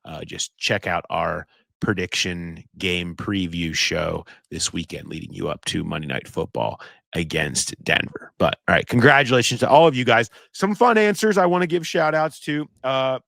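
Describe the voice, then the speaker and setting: A man with a Midwestern American accent co-hosting a casual sports podcast, animated and joking as he shouts out listeners. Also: sits low, normal speed, creaky, dry recording, clean studio sound. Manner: animated, joking, reads listener submissions aloud. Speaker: podcast co-host.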